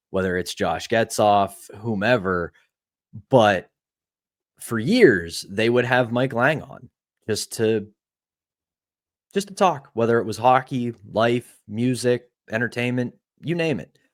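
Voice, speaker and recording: A man's voice: fairly low pitch, no room sound, clean studio sound. A man from Pittsburgh co-hosting a sports podcast, telling an anecdote in a casual, storytelling way. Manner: storytelling, animated retelling of anecdotes. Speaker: podcast co-host.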